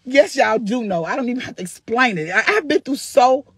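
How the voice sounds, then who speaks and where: A husky-voiced grandmother gives a fervent, preacherly testimony into her phone, laughing and crying at the same time. The sound is close and dry, with no room around her. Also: on the high side, lively intonation, a little fast, dry recording. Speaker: vlogger. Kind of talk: emotional testimony to followers.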